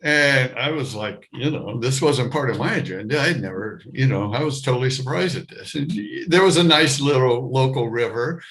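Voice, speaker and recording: A middle-aged American man telling a personal story to a live audience, animated, jumping into loud high voices for the people in it. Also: moderate pace, few pauses, rough recording. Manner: animated, acts out his younger self and others with loud high shouts.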